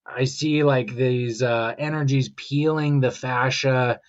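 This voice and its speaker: A man's voice: mid-range voice, fairly even intonation, takes it slowly. Male podcast guest, rambling reflective storyteller, slightly muffled sound. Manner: reflective, rambling, quotes his own thoughts. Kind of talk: casual conversational storytelling.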